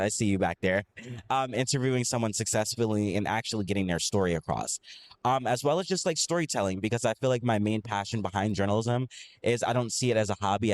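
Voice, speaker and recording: A man's voice: fairly low pitch, dry recording. A young man in his late teens, a student reporter speaking earnestly at a live event, with frequent filler words. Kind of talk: reflective talk at a live event. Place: library event hall, live audience.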